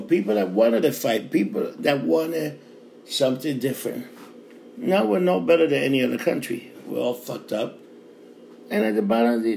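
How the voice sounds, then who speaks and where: A man's voice: fairly high pitch, gravelly, darkish tone. A middle-aged man with a New York accent, a bar worker, delivering a fiery, profane, repetitive rant. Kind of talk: ranting monologue. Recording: roomy with faint background noise.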